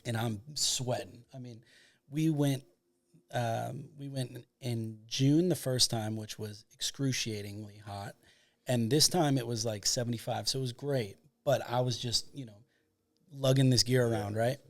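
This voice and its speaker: A man from Michigan with a gravelly, fry-edged voice at an ordinary middle pitch. He is a filmmaker guest on a podcast. He talks casually, wanders through his story and stacks up fillers as he goes. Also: steady tone, unhurried. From Michigan, United States. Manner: rambling, filler-heavy anecdote telling.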